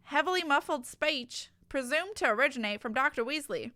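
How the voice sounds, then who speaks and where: A woman's voice: high-pitched, expressive, moderate pace, pushed and bright. A woman streaming in a put-on character voice, reading a story aloud to chat and often breaking off to giggle. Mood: playful.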